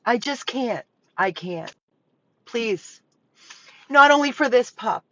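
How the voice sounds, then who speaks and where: A woman's voice: mid-range voice, fairly bright tone, dry recording. Urgent, pleading woman in a dull recording. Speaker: dog rescue organizer. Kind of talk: impassioned direct appeal to viewers. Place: dog rescue property.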